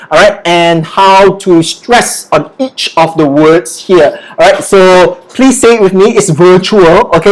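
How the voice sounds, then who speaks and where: A business lecturer teaches over a livestream, speaking at a middle pitch. The delivery is patient and repetitive, full of "okay" and "all right" as each word is said again and again for practice. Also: poor audio. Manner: peppers speech with "okay" and "all right", drills pronunciation by repetition.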